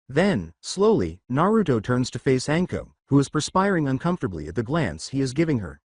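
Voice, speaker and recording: A man reading scripted fan-fiction narration in an even way. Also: medium pitch, a little fast, few pauses, no echo, clean studio sound.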